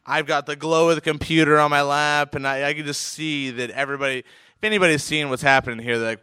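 A man from Oregon telling a comic personal anecdote, animated and chuckling, with frequent fillers and restarts. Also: fairly high pitch, fast talker, smooth, no echo. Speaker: storyteller, professional poker player.

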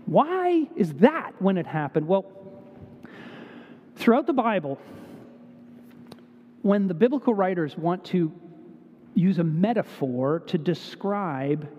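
A man with a strikingly high voice preaches a sermon, telling the story vividly and repeating words for emphasis. His voice rings out with a long hall echo, and the recording sounds dull and muffled. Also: big pitch swings, slow pace, long pauses.

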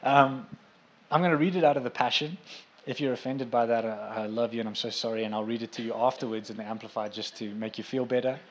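A man's voice: medium pitch, fast talker, slight background noise. A man preaching a sermon in a casual, conversational way, with asides to his congregation, who turns emphatic when he drives a point home.

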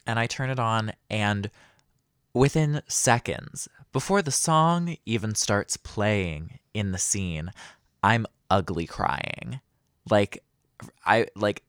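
A man's voice: fairly low pitch, fairly bright tone, smooth, no echo, studio quality. A young man hosting a casual solo podcast, rambling and self-deprecating with lots of fillers. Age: young adult. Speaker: podcast host.

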